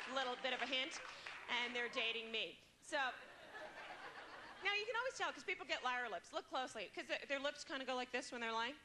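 Brief: woman stand-up comic, high voice, chatty and self-mocking, noisy live room. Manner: chatty, self-mocking, quick asides to the crowd. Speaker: stand-up comedian. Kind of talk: stand-up comedy set. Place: comedy club stage.

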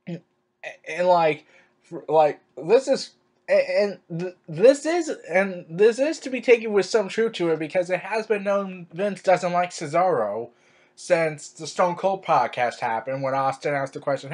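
A man's voice: high-pitched, lively intonation, unhurried. A man ranting sarcastically to camera in a vlog, crude and full of stammered restarts. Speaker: wrestling commentary vlogger. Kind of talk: opinion rant to camera.

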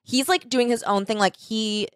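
A woman's voice: a little high, moderate pace, no echo. Giggly woman on a dry mic. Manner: giggly, rambling retelling with many fillers. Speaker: podcast co-host. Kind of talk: casual chat.

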